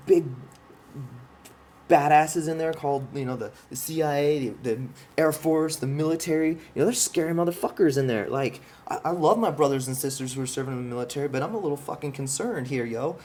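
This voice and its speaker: A man's voice: fairly high pitch, fairly quick, darkish tone, a little hiss or hum. A man in a rambling, profane, impassioned monologue who keeps restarting his sentences and explains while pointing at a drawing. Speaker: vlogger explaining his ideas.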